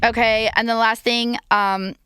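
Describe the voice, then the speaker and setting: A woman's voice: on the high side, little pitch movement, measured pace, pushed and bright, clear, resonant tone, no echo, clean studio sound. An American woman hosting a casual solo podcast, hungover and rambling, with lots of "like" and "um". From United States. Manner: rambling and chatty, full of "like" and "um". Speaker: podcast host.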